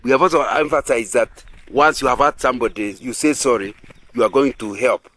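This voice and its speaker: A man's voice: mid-range voice, fairly quick, a bit bright, dry recording. A man preaching at a couples' retreat, earnest and repetitive, often asking the audience if they agree. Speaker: pastor.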